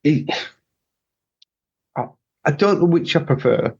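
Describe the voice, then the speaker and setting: A man's voice: on the high side, animated, slow, creaky, a little mellow, slightly rough. A man co-hosting a podcast in casual chat, rambling and restarting his sentences often. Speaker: podcast co-host. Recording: dull lo-fi mic.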